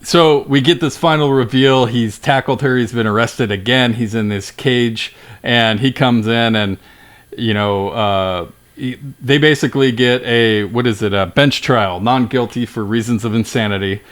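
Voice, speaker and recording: A man's voice: mid-range voice, unhurried, a bit bright. A man co-hosting a film podcast, talking casually and rambling with fillers and self-corrections.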